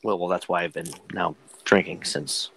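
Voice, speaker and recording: A man's voice: low-pitched, lively intonation, moderate pace, creaky, bright, forceful tone, slight background noise, low-quality recording. A man co-hosting a podcast, chatting casually with friends, rambling and joking with frequent restarts. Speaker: podcast co-host. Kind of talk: casual banter among friends.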